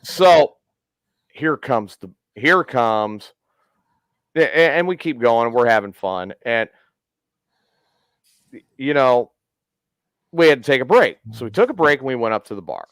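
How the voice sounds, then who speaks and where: Animated, swearing male storyteller. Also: mid-range voice, a little slow, pauses often, dry recording. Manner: profane, animated storyteller acting out quotes. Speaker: podcast host. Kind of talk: casual storytelling chat.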